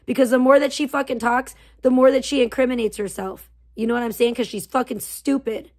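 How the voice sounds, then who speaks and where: A woman's voice: a little high, steady tone, a little fast, a little mellow. Furious profane woman ranting on stream. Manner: profane, heated, venting. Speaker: livestream host. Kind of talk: angry livestream rant.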